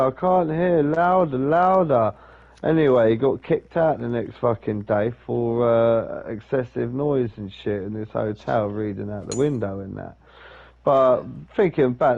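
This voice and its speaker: A man's voice: medium pitch, creaky. A young man telling a rambling story in casual chat, swearing often. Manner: swears a lot, rambles with restarts. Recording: dull lo-fi sound.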